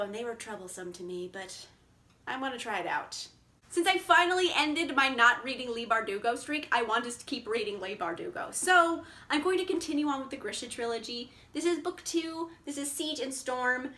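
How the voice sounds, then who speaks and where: A young woman who vlogs about books chats casually about her reading plans in a high, sharp-toned voice. She is bubbly, laughs often and says "like" a lot.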